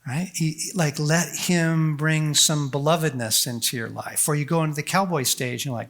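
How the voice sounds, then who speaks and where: A man speaking at a conference on faith, animated and folksy, full of quick asides and acted-out prayers. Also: fairly high pitch, vocal fry. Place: large conference hall.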